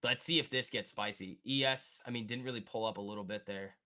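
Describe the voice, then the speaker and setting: A man hosting a live stock trading stream, thinking aloud and answering chat in an excitable, quick way. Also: fairly low pitch. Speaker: stock trading livestream host. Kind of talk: live market commentary reading chat.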